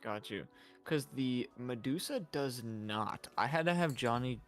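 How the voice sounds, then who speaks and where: A man's voice: medium pitch, animated, a little slow, a bit bright. A man hosting a livestream, talking casually and swearing freely, with lo-fi music faintly behind him. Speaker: livestream host.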